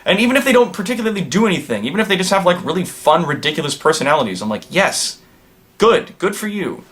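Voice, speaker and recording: A man's voice: a little high, very animated, rapid-fire, a bit bright. A man hosting a comedic vlog in a supervillain persona, answering viewer questions in a casual, rambling way with playful villain bravado.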